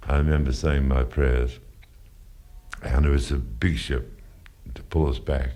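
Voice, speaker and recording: Give me a man with a very deep voice telling an earnest, self-deprecating story in an interview. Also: fairly even intonation, measured pace, dark tone. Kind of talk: reminiscing in an interview.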